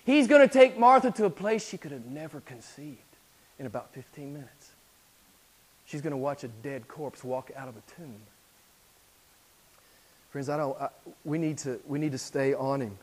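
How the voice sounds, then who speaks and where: A man preaching a sermon as pastor, moving between quiet, intense passages and loud exhortations. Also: medium pitch, normal speed, long pauses, breathy edge. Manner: swings from hushed to loud exhortation.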